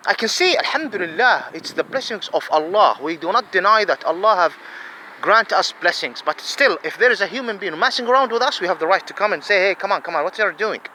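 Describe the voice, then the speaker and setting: A man's voice: high voice, animated, a little fast, pushed and bright, slight background noise, low-quality recording. A man, giving an angry, profane monologue full of repeated, emphatic questions. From Saudi Arabia.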